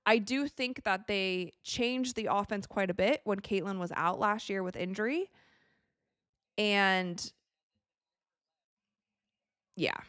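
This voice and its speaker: A woman's voice: medium pitch, slow, long pauses, fairly bright tone, clean tone, no room sound, clean studio sound. A woman hosting a casual live-stream watch party from her home set, chatting, reading out viewer comments and laughing often.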